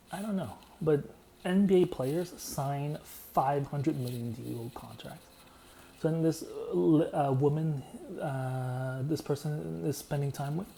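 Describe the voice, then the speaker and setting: A man telling long, meandering stories in a deadpan, repetitive way. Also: a little high, slight background noise. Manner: meandering, deadpan, repeats himself. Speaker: vlogger. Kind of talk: rambling storytelling monologue.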